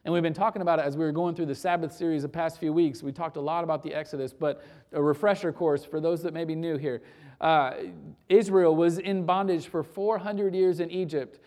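A man preaching a sermon as pastor, emphatic, asking rhetorical questions and repeating phrases, swinging from loud urgent peaks to low quiet lines. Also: fairly even intonation, brisk.

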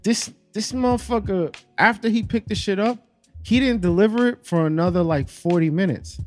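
A man's voice: high-pitched, fairly quick, a little mellow, soft background music. A man telling a long, profane story in casual chat among friends.

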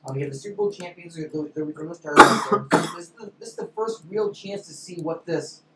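A man co-hosting a sports podcast, speaking in a measured way with dry teasing. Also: a little high. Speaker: podcast co-host. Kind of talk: casual sports chat. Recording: roomy with faint noise.

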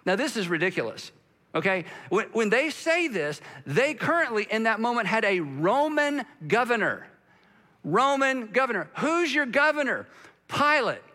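A man with a high, bright voice preaching a sermon. He is animated, acting out the voices of the people he quotes. He preaches as a pastor. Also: moderate pace.

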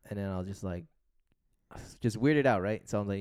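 A man's voice: deep voice, quick pace, darkish tone, no room sound, studio quality. A young man co-hosting a podcast, telling a long story in a loose, rambling way full of fillers and swearing. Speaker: podcast co-host. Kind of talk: casual chat.

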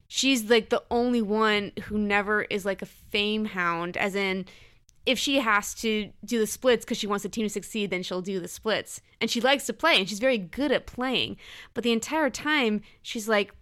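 Woman chatting about a movie on a podcast, lively, does little voices for the quotes. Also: a little high. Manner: animated, acts out quotes in varied voices. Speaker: podcast co-host. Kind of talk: casual film discussion.

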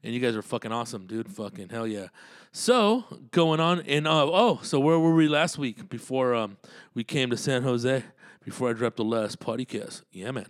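A man's voice: medium pitch, expressive, moderate pace, dry recording, clean studio sound. A man hosting his own podcast, rambling in a loose monologue full of cursing and street slang. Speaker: podcast host and comedian.

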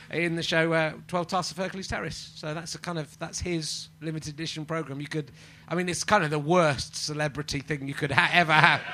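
40s guy hosting live comedy podcast, rambly and self-mocking, quite high voice, very bright tone. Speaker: podcast host. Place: live venue with audience.

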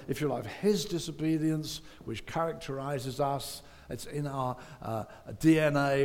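A man's voice: on the high side, a little mellow. A pastor preaching a conversational sermon and praying, acting out the inner thoughts of his listeners. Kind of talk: sermon with prayer. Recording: reverberant church hall.

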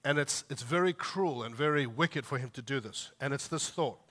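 A man preaching a sermon with emphasis. He lifts his voice when he reads scripture and drops low for quiet asides. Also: moderate pace. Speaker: pastor. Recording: long reverb of a large hall.

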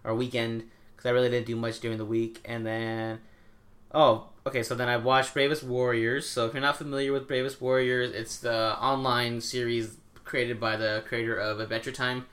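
A young man co-hosting a podcast, telling stories in a lively, casual way with offhand swearing. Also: medium pitch, moderate pace. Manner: animated storytelling, swearing casually. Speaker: podcast co-host. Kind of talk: casual chat.

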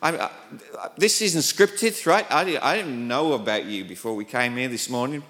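A man's voice: medium pitch, lively intonation, normal speed, fairly bright tone. A man with a British accent preaching as a guest, joking and self-deprecating. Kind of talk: sermon. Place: church sanctuary. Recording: long reverb of a large hall.

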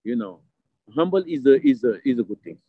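Halting man in his fifties on a thin line. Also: medium pitch, sing-song, no room sound. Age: 50s. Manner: halting, simple phrasing. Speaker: store owner guest. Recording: dry, phone-like sound.

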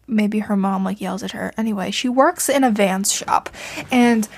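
A young woman hosts a podcast reviewing fan fiction, chatting casually into a home mic she adjusts herself. She rambles and puts herself down, with lots of fillers and laughs, in a creaky, mid-range voice at a moderate pace.

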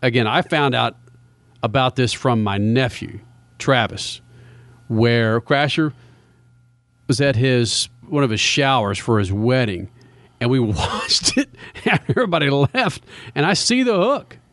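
A man hosting a radio show, talking loud and enthusiastic, with frequent laughs. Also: medium pitch, expressive, measured pace, dry recording. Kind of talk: casual radio talk.

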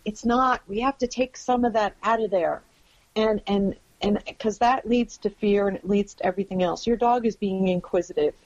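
Podcast guest: woman, mid pitch, earnest and emphatic, muffled lo-fi audio. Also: normal speed. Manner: earnest, emphatic explaining with check-in questions. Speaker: guest expert on dogs and families. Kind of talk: podcast interview. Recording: dull lo-fi audio.

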